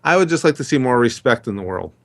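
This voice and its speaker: A middle-aged man settles into a long, rambling story, acting out what everyone said. His pitch sits in an ordinary middle range, and the delivery stays chatty and unhurried. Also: very animated, crowd noise. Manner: chatty, rambling storyteller who acts out dialogue. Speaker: interview guest. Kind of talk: storytelling in a casual interview.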